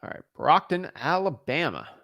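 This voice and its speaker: A man's voice: on the high side, sing-song, normal speed, vocal fry, a bit bright, no echo. A man casually explaining his cold calls to viewers and talking with sellers, rambling and often repeating words as he starts a sentence. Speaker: real estate wholesaler making cold calls.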